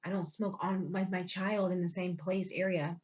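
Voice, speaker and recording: A woman's voice: lowish voice, little pitch movement, normal speed, darkish tone, slight background noise. A woman telling a personal story bluntly and with heavy swearing, sounding frustrated. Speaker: vlogger telling her life story. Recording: dull lo-fi sound.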